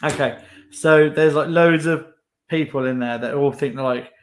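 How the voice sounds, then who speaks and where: A man's voice: on the high side, normal speed, slight background noise. A young man, chatting casually as co-host with lots of fillers. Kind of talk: casual chat.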